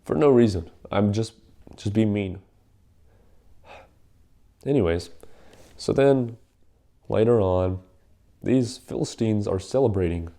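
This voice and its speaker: Young guy with a real dark low voice, slangy rambling bible story recap. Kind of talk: casual Bible story retelling.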